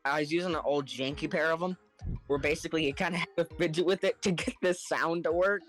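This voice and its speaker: A man telling a story in casual podcast chat, animated and acting out the people in it, laughing now and then. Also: on the high side, fast, soft background music. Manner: animated, acts out the other people in his story; laughs between lines.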